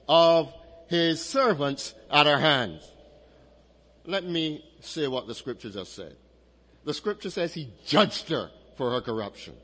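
A man preaching an expository sermon, measured and emphatic, drawing out key phrases as he reads and explains scripture. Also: high-pitched, fairly bright tone. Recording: long reverberant hall.

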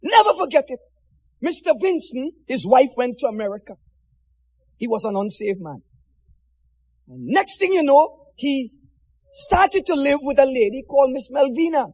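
High-voiced impassioned male preacher. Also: big pitch swings, moderate pace, pauses often, long reverb tail, rough recording. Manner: impassioned, swinging from shouts to near-whispers. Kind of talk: sermon.

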